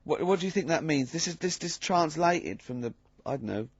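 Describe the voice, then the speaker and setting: Husky-voiced man hosting, halting banter. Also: on the high side, expressive, dry recording, muffled recording. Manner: joking, halting with many restarts. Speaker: radio show host. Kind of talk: casual studio banter.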